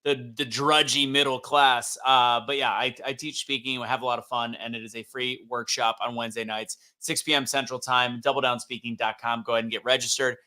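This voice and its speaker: A man's voice: mid-range voice, little pitch movement, fairly quick, hardly any pauses, sharp tone. A man co-hosting a podcast who works as a speaking coach, plugging his workshop in an upbeat, promotional way. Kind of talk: casual chat, self-promotion.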